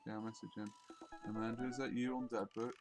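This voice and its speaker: Joking man over loud game music. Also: lowish voice, flat delivery, quick pace. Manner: jokey, offhand, reads text aloud. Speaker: gamer playing through a visual novel. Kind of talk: let's-play commentary.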